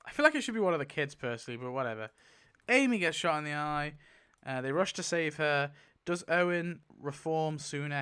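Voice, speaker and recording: Excitable man with a smooth voice. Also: a little high, normal speed, hardly any pauses. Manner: excitable, laughing, mumbles lists to himself. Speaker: YouTuber. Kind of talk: casual commentary while spinning a wheel.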